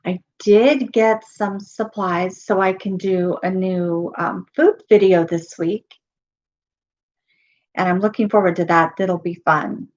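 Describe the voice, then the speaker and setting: A middle-aged woman chatting casually on her live stream, losing her voice and pausing often with ums. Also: medium pitch, fairly even intonation, darkish tone, dull audio. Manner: halting, with many pauses and ums.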